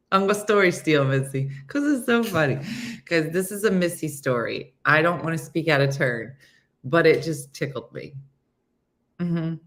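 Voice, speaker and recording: Woman, host, casual chat, lively storyteller, laughs often, fairly low voice. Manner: animated storytelling, acts out quotes, laughs often. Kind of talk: casual morning show chat with viewers.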